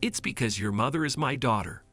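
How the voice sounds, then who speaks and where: Old woman, poor, soft and remorseful, read by a male narrator, barely changed. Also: medium pitch, lively intonation, brisk, faint music behind.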